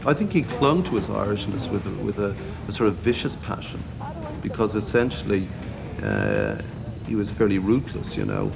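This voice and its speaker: A man's voice: fairly low pitch, very animated, normal speed, vocal fry, few pauses, music in the background. A man giving blunt, candid opinions in an interview.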